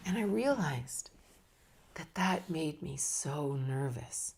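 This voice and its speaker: A woman's voice: deep voice, lively intonation, slow, a little mellow. A woman yoga and meditation teacher talking casually about teaching, her voice swooping up and down as she talks with her hands. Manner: laughs now and then. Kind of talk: casual reflective talk.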